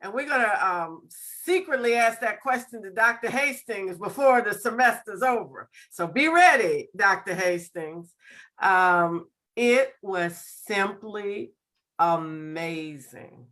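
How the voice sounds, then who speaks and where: A woman's voice: medium pitch, expressive, slow pace, fairly bright tone. A middle-aged woman on a school board, speaking at an online meeting and heaping emphatic praise on a student.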